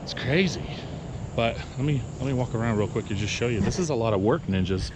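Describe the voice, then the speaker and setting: A man's voice: medium pitch, lively intonation, quick pace. A man who runs a lawn care business, talking to viewers in a casual outdoor vlog, exasperated and repeating himself. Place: outdoors at a mowing job. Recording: outdoor noise with crickets.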